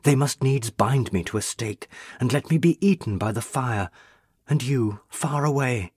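A man voicing a young female ghost, a burned witch, speaking in a pleading, tender and intense way with a husky voice. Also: medium pitch, measured pace, a little mellow, no room sound, studio quality.

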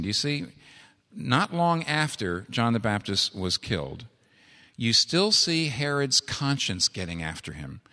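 A man preaching a sermon, earnest and pleading, who swings from quiet storytelling to urgent, climbing exhortation. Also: mid-range voice, long reverb tail.

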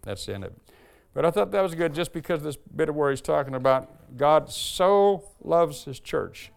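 A man preaching a sermon as pastor, earnest and emphatic, slowing down and lifting his voice to stress key lines. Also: on the high side, animated, gravelly. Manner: earnest, emphatic preaching, slows and lifts voice when reading aloud.

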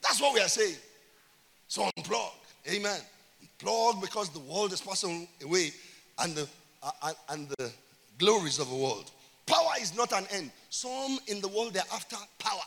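High, bright-voiced pastor preaching. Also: male voice, animated, normal speed, vocal fry. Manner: emphatic preaching with call-and-response. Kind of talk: sermon. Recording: reverberant church hall.

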